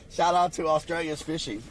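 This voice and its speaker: A man's voice: a little high, a bit bright. Man, casual live streamer, talks to chat, outdoors by water, faint background noise. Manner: casual, chatty, addresses viewers as y'all.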